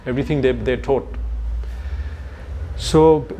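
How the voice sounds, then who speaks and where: A man's voice: fairly high pitch, moderate pace, a little mellow, a little hiss or hum. A man giving a scripture lecture to a youth group in a chatty storytelling way, turning to his listeners with asides. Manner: searches for words mid-sentence. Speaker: spiritual lecturer.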